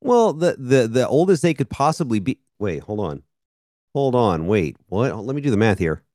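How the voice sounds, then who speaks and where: A man's voice: mid-range voice, very animated, moderate pace, darkish tone, dry recording, studio quality. A man in his thirties co-hosting a podcast, rambling and self-mocking with casual profanity. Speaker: podcast co-host. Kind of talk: casual chat.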